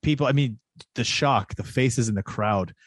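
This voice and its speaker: A man co-hosting a casual wrestling chat, talking in quick animated bursts with frequent restarts. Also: medium pitch, no room sound. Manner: animated, restarts often, slips into comic voices.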